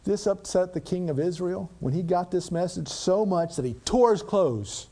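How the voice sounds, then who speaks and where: A man's voice: high-pitched, normal speed, mellow. A man preaching a sermon, reading scripture aloud and breaking into dramatic plain-spoken commentary with rhetorical questions.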